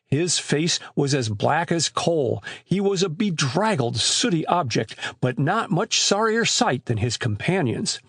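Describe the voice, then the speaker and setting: A man narrating an audiobook with expressive, scripted storytelling on a close mic. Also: fairly high pitch, a little slow, hardly any pauses, husky, dry recording.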